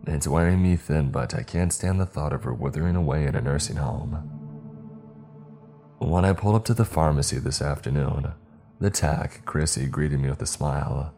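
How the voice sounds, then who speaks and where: A man narrating a horror story in a measured, steady way. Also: a bass voice, soft background music.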